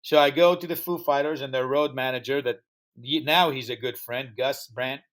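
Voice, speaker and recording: A guest on a podcast interview, this man founded a music festival and is not a native English speaker. His mid-range voice moves at a normal speed as he tells a story, voicing the dialogue of its characters with gusto.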